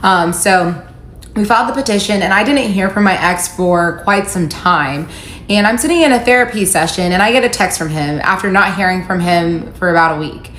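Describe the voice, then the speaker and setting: A young woman tells her own story straight to the camera, candid and wry, reading out old messages without putting on voices. Her voice sits a little low, and the echoey room has a faint hum behind it. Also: normal speed, fairly bright tone.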